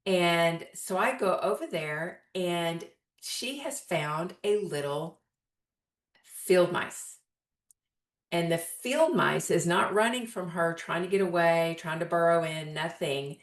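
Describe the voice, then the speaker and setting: A woman's voice: fairly low pitch, slow. A woman hosting a heartfelt solo podcast, telling a personal story and speaking directly to her listeners. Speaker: podcast host. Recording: roomy echo.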